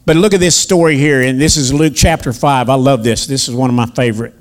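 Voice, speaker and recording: A man's voice: medium pitch, fast. A man preaching a sermon, telling folksy stories with asides to the congregation before reading scripture. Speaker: minister and teacher.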